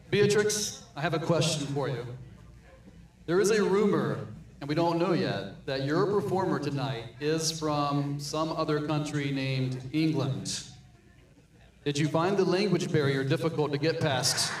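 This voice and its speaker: A man's voice: on the high side, unhurried. A man co-hosting a live pageant on stage, asking the contestants jokey questions. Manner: joking and wry. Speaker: pageant co-host. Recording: echoey theater hall.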